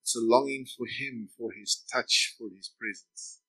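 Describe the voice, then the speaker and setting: Male pastor, bright forceful tone, slow psalm readings into emphatic preaching. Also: mid-range voice, poor audio. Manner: slows down to read psalms, then preaches emphatically. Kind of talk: sermon. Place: church.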